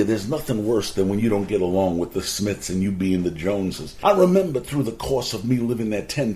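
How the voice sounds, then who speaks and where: A man's voice: fairly low pitch, slight background noise. A man telling his own life story as a monologue, earnest and a little preachy, whose voice jumps up sharply whenever he quotes someone. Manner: animated storyteller whose voice jumps up sharply when quoting people; earnest, preachy asides about life lessons. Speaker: former garden center owner telling a life story. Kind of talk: personal anecdote monologue.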